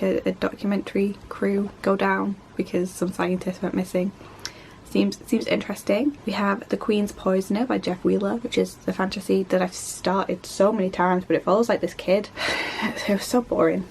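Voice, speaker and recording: Chatty woman with a gravelly voice. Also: mid-range voice, a little mellow, slight background noise. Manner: chatty, rambling, quick, self-mocking. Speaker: book vlogger. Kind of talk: casual chat.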